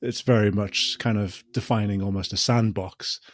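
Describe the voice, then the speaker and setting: Low-voiced podcast host, dry sound. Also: male voice, fairly even intonation, dry recording. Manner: thoughtful, measured questioning. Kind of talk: casual podcast interview.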